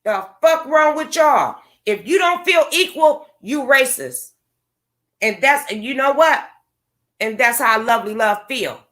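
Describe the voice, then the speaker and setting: A woman's voice: sits high, lively intonation, a little slow, fairly bright tone. A woman vlogger, delivering a profane, confrontational rant to her viewers. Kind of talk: angry rant to camera.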